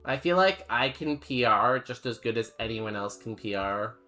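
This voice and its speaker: A man's voice: mid-range voice, lively intonation, normal speed, pushed and bright, soft background music. A young man streaming a game, chatting casually with his chat in a rambling, jokey way full of fillers. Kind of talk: casual chat while playing and reading chat.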